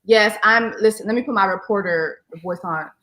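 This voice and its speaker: A woman's voice: mid-range voice, moderate pace, a bit bright. A woman guest chatting playfully from her home over a video call, slangy and breaking into sung snippets. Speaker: guest judge. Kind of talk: casual chat. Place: home in New Jersey. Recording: roomy home echo.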